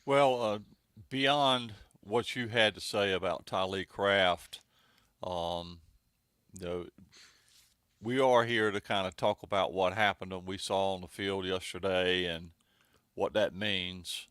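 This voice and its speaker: Deep-voiced man analyzing a football game. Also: steady tone, a bit bright, clear, resonant tone, dry recording, studio quality. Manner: measured, rambling, with many uhs. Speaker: sports analyst and columnist. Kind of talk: sports talk show.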